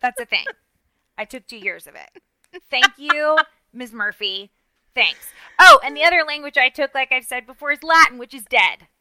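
A middle-aged woman co-hosting a podcast, telling a story in a self-mocking, animated way with lots of restarts and asides. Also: high voice, a little fast, no room sound, rough recording. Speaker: podcast co-host. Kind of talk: casual storytelling chat.

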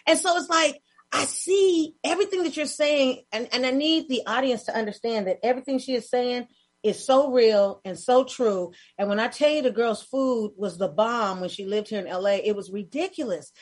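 Host: a woman with a high, husky voice who makes her points with emphatic repetition. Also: normal speed. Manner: emphatic, repeats words to drive a point home. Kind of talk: casual interview chat.

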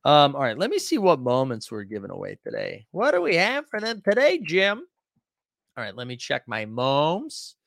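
A man's voice: mid-range voice, huge pitch swings, moderate pace, vocal fry, fairly bright tone, dry recording, clean studio sound. A man hosting a casual livestream, reading out viewer comments in a loose, rambling way full of fillers and restarts. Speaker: livestream host.

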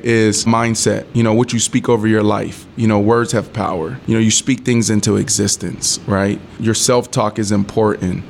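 A man in his thirties, a former pro football player, telling a story in a casual interview, acting out quotes and laughing. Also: mid-range voice. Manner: animated storyteller who acts out quotes, swears, laughs. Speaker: former NFL wide receiver, guest.

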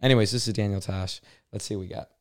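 Relaxed man introducing comedy clips. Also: on the low side, very fast, clear, resonant tone, dry recording. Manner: relaxed, explains clips, swears casually. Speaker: podcast host playing comedy clips. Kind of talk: casual chat.

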